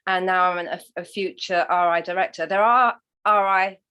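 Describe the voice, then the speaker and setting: A woman's voice: fairly low pitch, steady tone, moderate pace, sharp tone, clear, resonant tone. Middle-aged Englishwoman, English accent, chatty interview guest on a call; upbeat and talkative. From England. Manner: chatty, upbeat, says "honey" often. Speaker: guest on a livestream. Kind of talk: casual interview chat.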